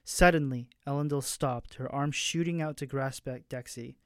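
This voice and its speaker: A man reading aloud an excerpt of his own story in a soft, hushed way, with small slips and restarts. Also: mid-range voice, moderate pace, dry recording, studio quality.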